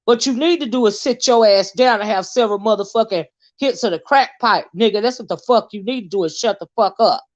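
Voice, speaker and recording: A woman hosting a YouTube commentary show, ranting in a blunt, loud, heavily profane way. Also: medium pitch, fairly quick, few pauses. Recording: dull lo-fi sound.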